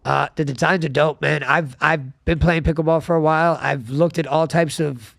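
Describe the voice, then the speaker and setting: Male podcast host, fairly high gravelly voice, animated storyteller, dry studio sound. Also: moderate pace, no echo. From South Florida. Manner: animated storytelling, swears freely. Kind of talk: casual podcast chat.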